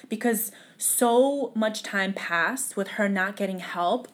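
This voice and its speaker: A young woman, a podcast guest, telling a painful personal story in a tearful, halting way that sometimes drops to a whisper. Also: mid-range voice.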